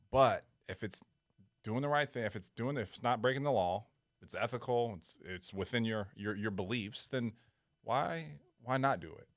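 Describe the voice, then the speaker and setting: Lower-voiced man, coaching host. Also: no echo, studio quality. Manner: animated, coaching tone, asks "does that make sense?". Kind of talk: casual talk.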